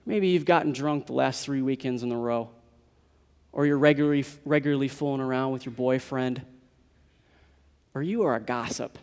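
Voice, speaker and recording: A man's voice: medium pitch, normal speed, long pauses, darkish tone, smooth, big-room sound. A man preaching an earnest sermon that builds to emphatic declarations. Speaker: pastor.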